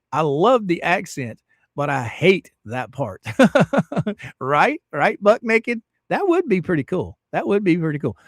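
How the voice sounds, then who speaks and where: Animated, chatty male livestream host. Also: on the high side, no room sound, clean studio sound. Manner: chatty, laughs often, animated rises. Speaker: livestream host reading chat. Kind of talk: casual livestream chat. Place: home streaming setup.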